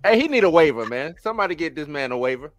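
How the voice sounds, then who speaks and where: A man's voice: on the high side, big pitch swings, very fast, no echo. A man co-hosting a casual podcast, teasing and emphatic in his banter. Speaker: podcast co-host.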